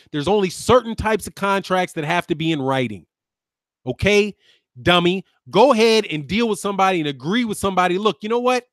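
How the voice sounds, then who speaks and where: Replying to his viewers, this fiftysomething lawyer and boxing-channel host rants and trades sarcastic insults. The voice is high-pitched and smooth, captured in studio quality without any echo.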